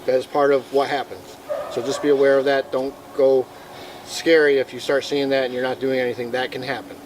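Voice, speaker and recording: A man guiding a ghost hunt outdoors in hillside woods, explaining the place in a plain, matter-of-fact, halting way. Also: medium pitch, level tone, background noise. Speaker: local guide. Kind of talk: casual explaining on location.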